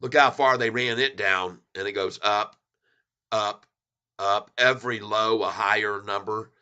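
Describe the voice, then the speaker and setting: A middle-aged man giving excited, folksy commentary on a stock chart, repeating himself for emphasis and calling his viewers folks. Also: lowish voice, measured pace, clean tone, muffled recording.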